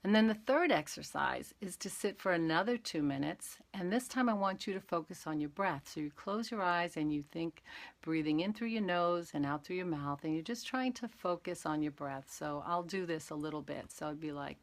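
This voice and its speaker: A woman teaching mindfulness on a live stream, calmly talking listeners through breathing exercises step by step. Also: on the low side, normal speed. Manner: calm, gentle, talks exercises through step by step. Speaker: meditation and awareness teacher.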